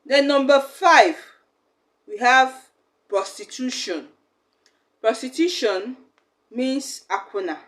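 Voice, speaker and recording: A woman's voice: high voice, takes it slowly, long pauses, fairly bright tone. A young woman, teaching a language lesson in a chatty, explaining way. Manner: chatty, acts out little quoted exchanges.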